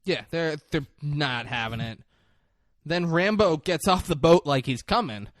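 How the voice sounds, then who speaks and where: A male podcast co-host in casual chat, retelling movie scenes with quick acted-out quotes and frequent laughs. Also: a little high, animated, no room sound, studio quality.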